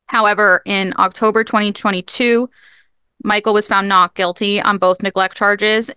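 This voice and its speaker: A woman's voice: mid-range voice, sharp tone, clean tone, no room sound, clean studio sound. A woman co-hosting a podcast, casually recapping a story, chatty, restarting and apologizing mid-sentence. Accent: regional. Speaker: podcast co-host.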